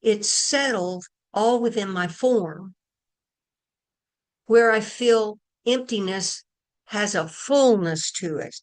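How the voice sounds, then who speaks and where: A woman leads a spiritual gathering over a video call at an unhurried pace. She talks earnestly and wanders a little, pausing and restarting her thoughts. Her voice sits at a middle pitch for a woman. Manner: earnest, meandering, with pauses and restarts. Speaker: spiritual group leader. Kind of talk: spiritual talk to an online group.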